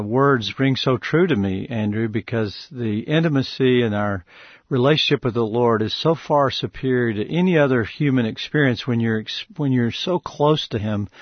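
A man's voice: medium pitch, dry recording, muffled recording. A man hosting a faith radio show, asking earnest, encouraging questions. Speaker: radio host.

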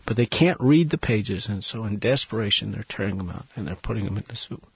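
A man with a lowish, husky voice tells an earnest personal story as a guest in an interview, sinking to hushed tones at the tender parts. The recording is dry and a little dull, like lo-fi audio. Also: lively intonation, fairly quick, no echo. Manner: earnest, drops to a hushed, breathy voice at tender moments. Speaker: missionary guest. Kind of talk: emotional storytelling testimony.

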